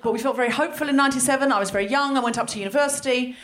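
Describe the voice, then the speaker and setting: An Australian woman in her thirties doing stand-up storytelling for a live audience, animated and self-mocking, often laughing through her lines. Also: high-pitched, racing. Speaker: comedy podcast host. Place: large hall with live audience.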